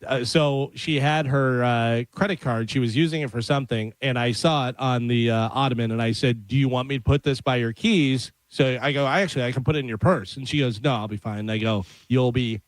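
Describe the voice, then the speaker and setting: Middle-aged man telling lively radio stories. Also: medium pitch, brisk, hardly any pauses, no echo, rough recording. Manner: storyteller acting out quoted voices. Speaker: radio show co-host. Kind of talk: casual chat, telling anecdotes. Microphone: studio mic.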